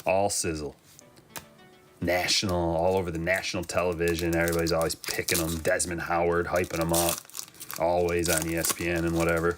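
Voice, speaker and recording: Low-voiced man chatting through a card break. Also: completely flat delivery, quick pace, over music. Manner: chatty, joking asides while opening packs. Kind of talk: casual live-stream commentary.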